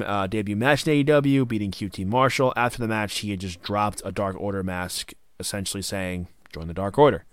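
A man co-hosting a casual wrestling podcast from home, animated and laughing often as he retells moments. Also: fairly low pitch, clean tone, dry recording, studio quality. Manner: animated, laughs often, acts out quotes loudly. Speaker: podcast co-host. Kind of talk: casual chat. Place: home during quarantine.

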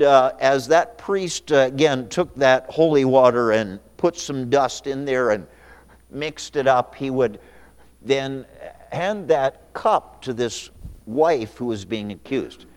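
Man, pastor, mid pitch, folksy sermon, reads scripture aloud, echoing church hall. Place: church sanctuary.

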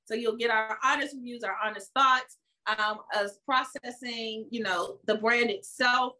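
A woman co-hosting a wine podcast in casual chat, talking loosely with frequent laughs and a drawn-out sign-off. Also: a little high, fairly even intonation, pushed and bright, low-quality recording. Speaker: podcast co-host.

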